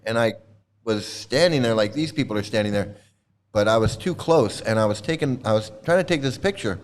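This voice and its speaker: A middle-aged man hosting a livestream, chatting casually while showing old photos, halting with many fillers and restarts and laughing often. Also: lowish voice, expressive. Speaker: livestream host.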